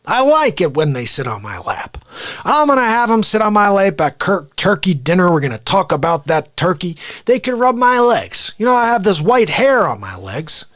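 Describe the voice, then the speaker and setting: A doddering old politician rambles through folksy stories, as a man puts him on. His voice rides higher and wanders widely in pitch. It sounds dry and close to the mic. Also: big pitch swings, a bit bright, dry recording. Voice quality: halting, meandering and breathy. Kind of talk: live comedy stream impression.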